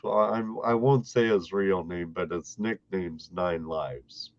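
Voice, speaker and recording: Low voiced guy drawling slow, rambling prospector stories, dull dry lo-fi sound. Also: a little mellow, no room sound. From Washington state. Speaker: guest prospector. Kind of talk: casual chat.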